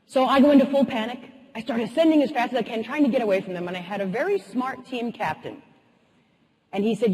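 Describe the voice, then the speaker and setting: A woman motivational speaker tells a lively, humorous story from the stage. Her voice is husky, and the long reverb of a large hall rings behind it. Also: on the high side, quick pace. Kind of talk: keynote storytelling.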